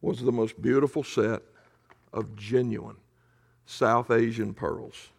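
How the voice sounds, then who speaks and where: A male pastor preaching in a conversational storytelling way, often dropping to a hush for emphasis. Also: mid-range voice, fairly even intonation, slow, vocal fry, breathy edge. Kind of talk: sermon storytelling.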